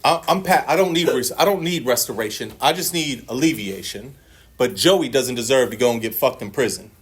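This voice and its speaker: A man's voice: mid-range voice, lively intonation, a little fast, husky. A man speaking at a recovery meeting, sharing his personal testimony in a blunt, profane, storytelling way and acting out other people's lines.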